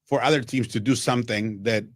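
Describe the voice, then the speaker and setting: Man from Mexico, radio guest storyteller, lively, dry studio sound. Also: medium pitch, brisk, dry recording. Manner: animated, acts out quotes, frequent restarts. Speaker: Spanish-language baseball broadcaster, guest.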